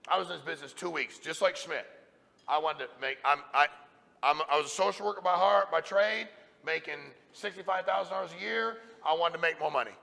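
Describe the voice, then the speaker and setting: Blunt, gravelly-voiced man preaching at a sales event. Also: fairly high pitch, a little fast, bright, forceful tone. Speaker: company president giving a sales training talk. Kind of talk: motivational speech to a live audience. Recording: reverberant hall sound.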